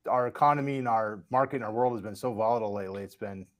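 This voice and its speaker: A man hosting a casual podcast who rambles along, restarting sentences and padding them with fillers. His delivery is relaxed and unscripted. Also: on the low side, very fast. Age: parent of children. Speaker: podcast host. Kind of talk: casual chat.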